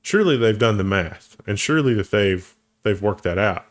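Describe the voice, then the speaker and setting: Male co-host, lower voice, loose conversational tech chat, self-correcting. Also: animated, moderate pace. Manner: thinks aloud, restarts phrases, laughs easily. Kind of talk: casual tech news discussion.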